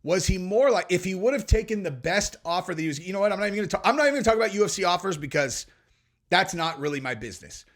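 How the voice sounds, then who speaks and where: A man hosting a podcast, telling stories and commenting in a brash, animated, profane way. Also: high-pitched, rapid-fire. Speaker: podcast host.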